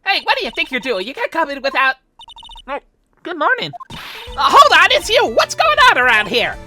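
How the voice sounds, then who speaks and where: A woman's voice: high voice, big pitch swings, normal speed, sharp tone, pitched above the performer's own voice, heavily acted. A woman voicing a fussy, pompous old woman guard who scolds and rambles about manners, against game music. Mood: scolding.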